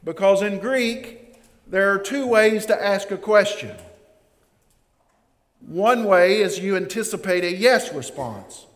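Lively man preaching in a reverberant hall. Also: high voice, takes it slowly. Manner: lively, joking, acts out scenes. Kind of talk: sermon.

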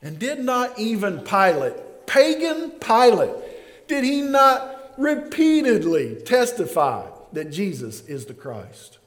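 A man preaching a sermon in a church, swinging between loud emphasis and quiet drops, calling on the congregation to respond. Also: high voice, sing-song, slow. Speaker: pastor. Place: church sanctuary. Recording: long reverb of a large hall.

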